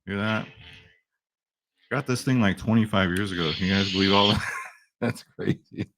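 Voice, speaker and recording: A man in his forties hosting a sports betting vlog, rambling and excitable in casual chat to camera. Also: on the low side, normal speed. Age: 40s.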